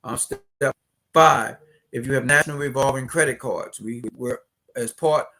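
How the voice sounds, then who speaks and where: A man's voice: medium pitch, moderate pace, sharp tone. A man from New Orleans with a New Orleans accent, hosting a casual livestream and chatting directly with viewers before presenting steps. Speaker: host of a business credit livestream.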